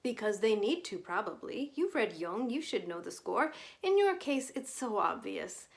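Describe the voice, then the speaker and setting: A woman's voice: mid-range voice, sing-song, moderate pace, vocal fry. A woman voicing a glib, cynical male journalist who explains things away in a breezy, lecturing way.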